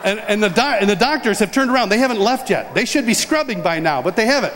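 Guy preaching, kinda high voice, long hall echo, acts out the story. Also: quick pace, slight background noise. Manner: animated storytelling, acting out dialogue. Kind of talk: sermon story and prayer. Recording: reverberant hall, faint ambience.

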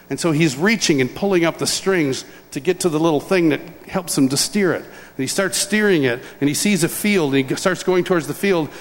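An older man from upstate New York, preaching a sermon as a lively personal story with chuckles and restarts. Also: a little high. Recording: long hall reverb.

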